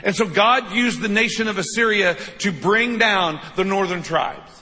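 A man's voice: high voice, normal speed, bright, forceful tone, long reverb tail. A man in his fifties preaching a sermon, telling stories with self-deprecating humor and frequent "right?" asides. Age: 50s. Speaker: pastor.

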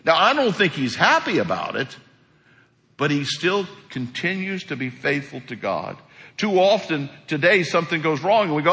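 Animated preacher man in an echoey hall. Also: on the high side, measured pace, creaky. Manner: animated preaching with acted-out quotes. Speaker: pastor. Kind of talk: sermon.

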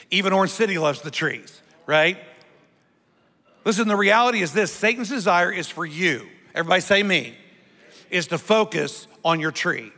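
A man preaching to his congregation in a high, bright voice, drawing call-and-response from them as he goes. His sermon rings through a hall with a long reverb. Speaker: pastor.

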